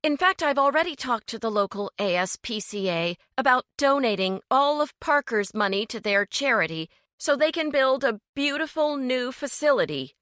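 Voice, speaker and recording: A woman's voice: fairly high pitch, a little slow, a bit bright, dry recording, clean studio sound, voice pushed up. A woman voicing a grieving, earnest woman who asks pointed questions and grows defiant.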